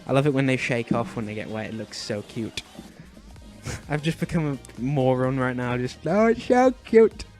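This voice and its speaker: A young man hosting a gaming video, chatting casually as he plays and fussing anxiously, with sudden high shrieks of alarm. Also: fairly even intonation, normal speed, soft background music. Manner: chatty, fretful and doting, often bursting into high shrieks. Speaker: gaming channel host. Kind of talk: Minecraft let's play commentary.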